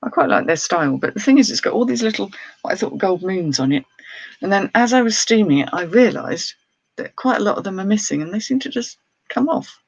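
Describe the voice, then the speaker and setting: A woman's voice: medium pitch, expressive, brisk, vocal fry, breathy edge, no room sound, lo-fi sound. A woman who resells clothes, chatting casually on a live stream, laughing often and reading out viewer comments. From United Kingdom. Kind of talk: casual live-stream chat while showing items.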